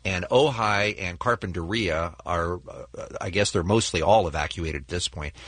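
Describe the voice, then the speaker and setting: A man's voice: sits low, moderate pace, fairly bright tone, dry recording. A man hosting a morning radio show, chatting in a rambling way full of fillers.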